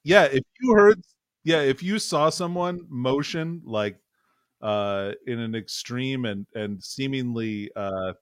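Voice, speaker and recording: A man co-hosting a podcast who talks in a casual chat and deals in sarcastic, deadpan humor. The sound is dry and close, with no room around it. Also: medium pitch, takes it slowly, no room sound. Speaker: podcast co-host.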